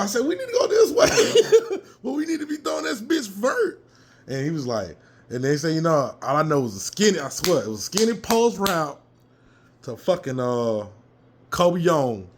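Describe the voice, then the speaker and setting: A man telling a fired-up story from a football game he attended, his voice a little hoarse, swearing freely and jumping into loud reenactments. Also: fairly high pitch. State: slightly hoarse. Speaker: fan commentator. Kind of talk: casual fan rant.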